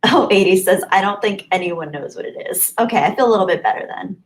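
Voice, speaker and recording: A woman's voice: medium pitch, fast, low-quality recording. Chatty woman streamer reading chat. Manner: chatty, reads viewer comments aloud, laughs often. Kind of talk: casual live stream chat.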